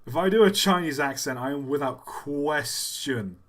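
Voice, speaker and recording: Streamer guy, joking with chat, bright and lively. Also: a little high, normal speed. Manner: joking, self-mocking. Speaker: livestream host. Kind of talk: casual live-stream chat.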